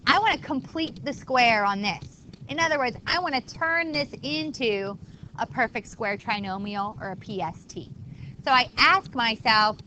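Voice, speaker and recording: A woman's voice: a little high, lively intonation, normal speed, sharp tone, slight background noise, low-quality recording. A woman teaching a math class, explaining step by step and talking to students in a chatty way. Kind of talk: classroom lecture.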